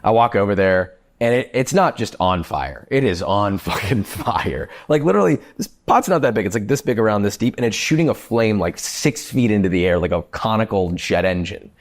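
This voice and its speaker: A chef telling a kitchen story in casual, animated talk, swearing freely and using lots of fillers. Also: male voice, on the low side, brisk, hardly any pauses.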